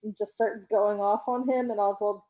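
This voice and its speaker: A woman's voice: medium pitch, steady tone, narrow, tinny audio. A woman co-hosting a podcast, casually retelling a comic story and acting out the characters' lines with laughter. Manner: retells scenes by quoting characters in quick voices, laughs often. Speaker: podcast co-host recapping a comic. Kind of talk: casual chat.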